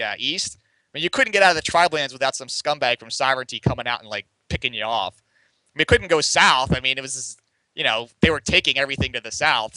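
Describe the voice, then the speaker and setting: A man's voice: medium pitch, bright, forceful tone, no room sound, rough recording. A young man, a podcast guest, telling a long story in a casual, rambling way that is full of swearing and fillers. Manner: rambling and profane, heavy on fillers like "like" and "you know". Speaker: podcast guest, game community writer.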